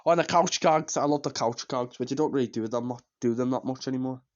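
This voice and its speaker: A man's voice: mid-range voice, fast talker. A man giving a casual spoken review of a cartoon series, rambling and repeating himself as he trails off into fillers. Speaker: TV show reviewer. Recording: slightly dull lo-fi recording.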